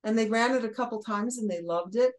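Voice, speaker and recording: An older woman from Brooklyn, a guest on an interview, telling lively anecdotes, laughing mid-sentence and acting out what people said. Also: a little high, quick pace, rough recording. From Brooklyn, USA. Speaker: guest, former children's TV host. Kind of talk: casual storytelling interview.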